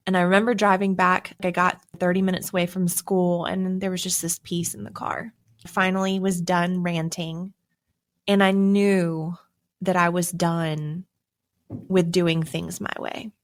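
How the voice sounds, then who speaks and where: A young adult woman sharing her personal faith testimony as a podcast guest, with emotional, animated storytelling and surging emphasis. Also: lowish voice.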